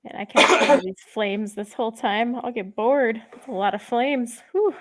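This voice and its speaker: A woman's voice: on the high side, normal speed, very noisy. A woman from California hosting a casual livestream chat, upbeat and giggly. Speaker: host.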